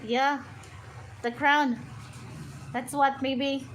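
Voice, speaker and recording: A woman's voice: high voice, little pitch movement, very slow, a bit bright, a little hiss or hum, rough recording. A woman with a Filipino accent, chatting during a livestream vlog, coaxing her pet bird and thanking viewers in a playful way. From Philippines. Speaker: vlogger hosting a livestream. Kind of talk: casual live chat.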